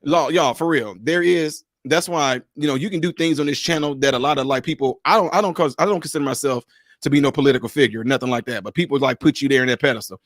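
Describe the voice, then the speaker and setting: A man hosting a livestream, telling stories in a lively, casual way and laughing often. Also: mid-range voice, fast, dry recording, clean studio sound. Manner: animated storyteller, laughs often. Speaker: livestream host.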